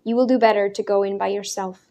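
Woman reading a brisk, self-assured man. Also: mid-range voice, steady tone, mellow, lightly acted.

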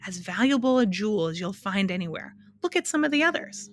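Here is a booming, grandly proud old wizard of numbers, loud and sweeping as a woman reads him. The voice is pitched up and close-miked, with a dry, roomless sound. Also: sing-song, brisk, no room sound, lightly acted. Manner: bellowing and proud.

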